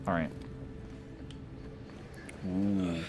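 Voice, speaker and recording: Slow, low-voiced male streamer. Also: little pitch movement, loud music behind the voice. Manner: reads in-game lore aloud, stumbling over names and chuckling. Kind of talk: casual game-stream commentary.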